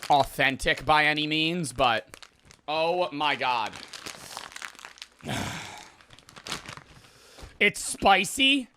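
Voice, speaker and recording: Fairly high-pitched and sharp, a young man casually chatting on his livestream swears heavily, rambles, and sounds exasperated while reeling from spicy food. A little hiss or hum is audible.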